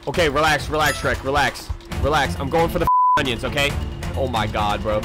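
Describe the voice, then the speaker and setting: A man giving excitable let's-play commentary, often yelling and talking to his chat, with game music behind. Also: medium pitch, fairly quick, low-quality recording. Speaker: gaming video creator.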